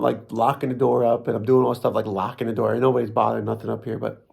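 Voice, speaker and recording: Gravelly New Jersey man telling a story. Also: mid-range voice, little pitch movement, fast talker, a little mellow. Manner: rambling, self-mocking, frequent restarts and laughs. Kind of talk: casual comic storytelling.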